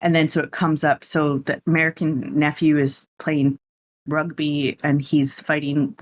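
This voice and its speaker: A man's voice: on the high side, level tone, unhurried. A man hosting a podcast, casually recapping a film in a chatty, rambling way with lots of asides. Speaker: podcast host.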